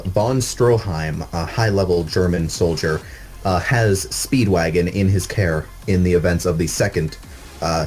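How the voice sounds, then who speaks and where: Low-voiced man telling a story. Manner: excitable, swears, animated retelling. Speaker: co-host. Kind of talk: casual comedic storytelling. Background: faint background music.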